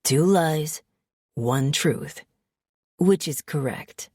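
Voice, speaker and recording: A woman reading an audiobook, voicing a brooding male mafia man from New Jersey who talks in a low, drawling, menacing way. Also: very slow, dark tone, slightly rough, dry recording, studio quality, heavily acted. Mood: cool drawl. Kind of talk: audiobook character voice.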